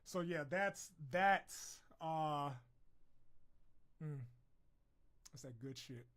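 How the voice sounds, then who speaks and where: This man is live-streaming and talking informally with his audience, cursing often and quick to break into laughter. His delivery lurches between loud bursts and quiet mumbling.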